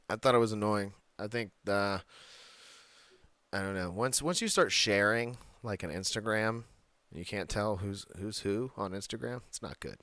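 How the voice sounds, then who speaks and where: A low-voiced man co-hosting a podcast, chatting casually and bluntly with plenty of swearing. The recording is dry and close, with no room echo. He laughs often as he talks. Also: fairly bright tone. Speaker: podcast co-host. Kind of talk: casual wrestling podcast chat.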